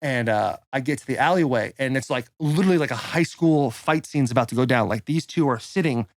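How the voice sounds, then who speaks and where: A man's voice: medium pitch, a little fast, dry recording, clean studio sound. A young man co-hosting a podcast, telling a rowdy story in casual chat and acting out the quotes. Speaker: podcast co-host.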